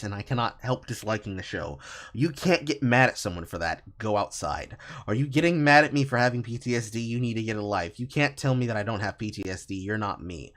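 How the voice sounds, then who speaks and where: A man's voice: lowish voice, a bit bright. A man co-hosting a podcast, reading out online posts and commenting on them with mocking sarcasm. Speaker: podcast co-host.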